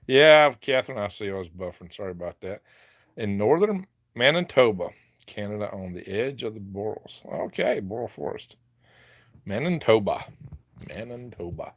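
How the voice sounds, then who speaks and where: A man's voice: lowish voice, very animated, moderate pace. Chuckling folksy Southern man. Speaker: livestream host. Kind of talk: casual live chat. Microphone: handheld phone.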